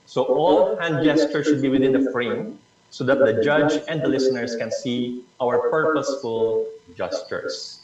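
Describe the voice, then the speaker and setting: A man's voice: medium pitch, unhurried, darkish tone. A man from the Philippines leading an online speaking workshop, encouraging and stressing key words as he repeats them. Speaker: presenter leading a learning session. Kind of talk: online club workshop talk. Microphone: video call. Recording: echoey distant muffled video call audio.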